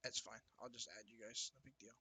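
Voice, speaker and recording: A man's voice: mid-range voice, fairly even intonation, fast, vocal fry, pushed and bright, slightly rough, low-quality recording. A man narrating as dungeon master in a loose, chatty way, with lots of ums. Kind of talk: casual tabletop game narration.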